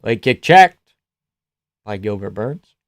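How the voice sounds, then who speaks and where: A man giving casual live reaction commentary on a fight, joking, swearing and laughing often, and breaking into loud reactions at big shots. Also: fairly low pitch, expressive, slow, dry recording, clean studio sound.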